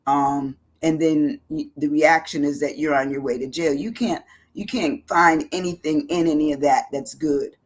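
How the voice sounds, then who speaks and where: Low-voiced woman giving a chatty motivational talk. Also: steady tone, moderate pace. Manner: chatty, laughs easily, repeats phrases for emphasis. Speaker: host. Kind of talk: motivational live-stream talk.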